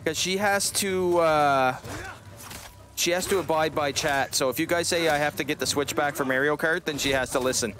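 A man's voice: a little high, moderate pace, fairly bright tone, faint music behind. A man streaming a game live, chatting casually with his viewers, joking and swearing now and then. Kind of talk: casual live-stream chat while gaming.

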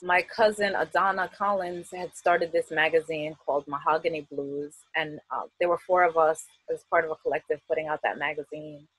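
Guest, woman, Queens accent, lowish husky voice, dry close sound, easygoing and talkative. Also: fairly even intonation, normal speed, hardly any pauses, no room sound, poor audio. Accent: New York, Queens. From United States. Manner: chatty, laughs often, many fillers. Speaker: festival artist guest. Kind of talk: casual interview.

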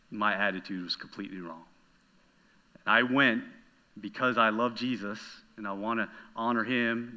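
Pastor, man, 30s, lively conversational preaching, very bright tone. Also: mid-range voice, highs cut off. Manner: animated storytelling, talking straight to the congregation. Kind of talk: sermon.

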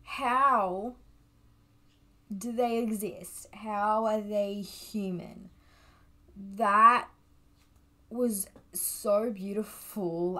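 A young woman reacting to a music video in a casual vlog, gushing and excitable, often repeating herself and swearing casually. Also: mid-range voice.

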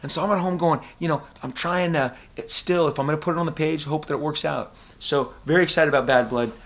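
Excitable middle-aged man talking comics. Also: a little high, fast talker. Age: 40s. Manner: excitable, acts out quotes in funny voices. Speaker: comic book creator interviewed. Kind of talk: animated casual interview talk. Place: convention interview room.

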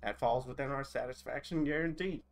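A man's voice: mid-range voice, a little fast, creaky, faint music behind, lightly acted. Man doing Wendy, twangy store clerk. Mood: polite, scripted. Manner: put-on country twang, formal customer-service phrasing. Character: chipper female general-store clerk, policy-obsessed. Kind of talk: voicing game dialogue aloud on a stream.

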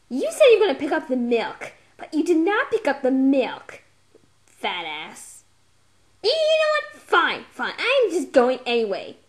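A woman's voice: high voice, heavily acted. A woman voicing a bossy, chain-smoking girlfriend who mocks and teases. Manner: mocking, bossy teasing.

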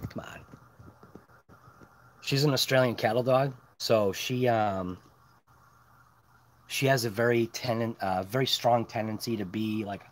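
A man's voice: medium pitch, a little slow, a little hiss or hum. A man hosting a late-night live stream, chatting casually and talking to his dogs outdoors at night. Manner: chatty, lively, talks to his dogs and chat between topics.

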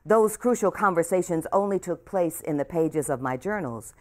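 An older woman, an author addressing a bookstore audience and reading from her memoir, soft-spoken and emotional, her voice trailing off at the ends of phrases. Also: fairly low pitch, animated, moderate pace. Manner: warm, emotional, speaks softly and trails off. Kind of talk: author talk and book reading. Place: bookstore event room.

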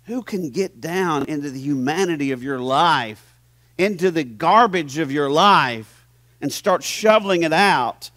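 A man preaching a sermon as pastor in a church, animated and teasing his congregation, swinging from hushed to loud. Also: on the high side, a little slow, dry recording. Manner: playful, teases the audience.

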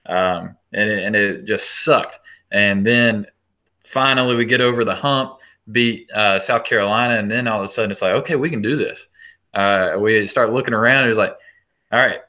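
Bright-voiced man telling coaching stories. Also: lowish voice, normal speed. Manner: animated, chatty, with laughs and restarts. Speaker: assistant baseball coach. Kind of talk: casual interview storytelling.

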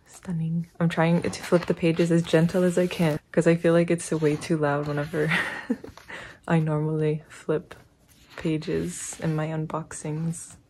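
A young woman giggling and gushing excitedly as she unboxes and comments on a photobook. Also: low voice, unhurried, a little hiss or hum. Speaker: unboxing vlogger.

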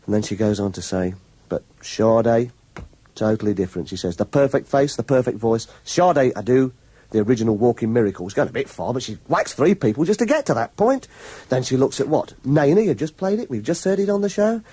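A man's voice: medium pitch, expressive, a little fast, warm tone, husky, no echo. A man on a radio show, reading out reviews with gleeful mockery and frequent chuckles. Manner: gleeful, mocking, chuckles often. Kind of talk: chatty radio talk, reading reviews aloud. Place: radio studio.

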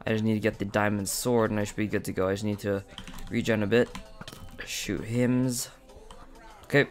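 A man giving casual, excitable gameplay commentary, talking directly to his viewers with frequent outbursts. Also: fairly low pitch. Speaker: gaming channel host.

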